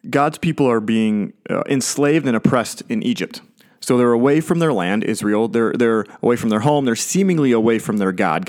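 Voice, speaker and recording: A man preaching a casual sermon, conversational and jokey, paraphrasing scripture in everyday speech. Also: lowish voice.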